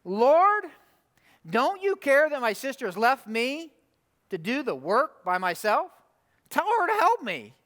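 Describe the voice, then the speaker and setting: A man's voice: very high-pitched, sing-song, measured pace, fairly bright tone, pitched above the performer's own voice, exaggerated voice. A man voicing an exasperated, overworked woman who pleads indignantly for help. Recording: long hall reverb.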